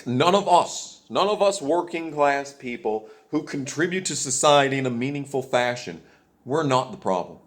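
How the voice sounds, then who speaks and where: A man's voice: mid-range voice, lively intonation, normal speed. A young man in an angry, profane political rant to his viewers, bitter and heated, repeating his points. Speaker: video creator ranting to camera.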